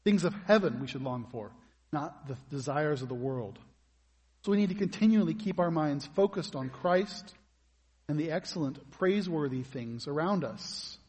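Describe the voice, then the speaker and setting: A man's voice: a little high, expressive, moderate pace, a little mellow, husky, long reverb tail. A man preaching a sermon as pastor, in a conversational way that puts questions to his congregation.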